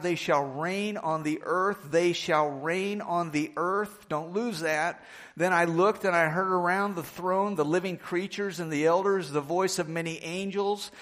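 A man preaching a sermon, reading scripture aloud with slow, emphatic phrasing that drops low and quiet on key words.

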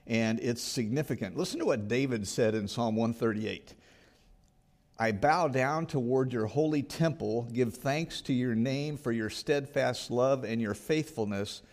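A man's voice: mid-range voice, a little mellow. Earnest man preaching a sermon. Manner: earnest, reads scripture aloud, rises in emphasis. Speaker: pastor.

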